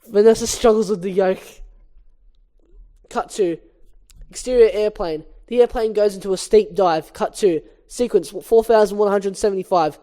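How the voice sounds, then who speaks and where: A woman reading a screenplay aloud, giving the stage directions in a brisk, matter-of-fact way. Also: medium pitch, mellow. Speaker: reader.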